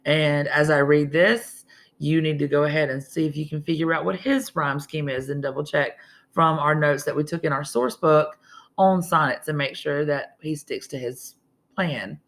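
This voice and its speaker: Woman teacher, slightly gravelly, talking casually through a lesson. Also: sits low, steady tone, normal speed. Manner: casual, chatty, restarts often. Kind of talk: recorded classroom lesson.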